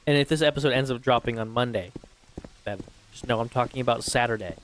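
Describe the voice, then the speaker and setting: A man's voice: medium pitch, quick pace, slight background noise. A young man hosting a casual let's play, chatty and teasing, reading game dialogue aloud as he plays. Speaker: gaming host. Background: faint game music.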